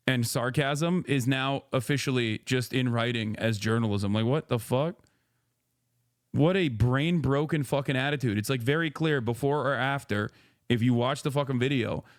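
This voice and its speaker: A male streamer rants on his live stream, swearing and restarting sentences in exasperated disbelief. His pitch sits in the middle range, and the close sound is dry. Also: no echo. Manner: exasperated, profane, incredulous; rambling with frequent restarts. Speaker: streamer host. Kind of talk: reaction stream rant.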